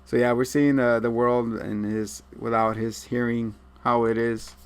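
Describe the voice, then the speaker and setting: A man co-hosting a laid-back podcast, recapping an episode with jokes and swearing. He slips into the characters' voices as he retells scenes, and his pitch sits in a middle range. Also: little pitch movement, measured pace, smooth. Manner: loose and joking, acts out characters, swears. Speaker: podcast co-host. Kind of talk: casual chat recapping a TV episode.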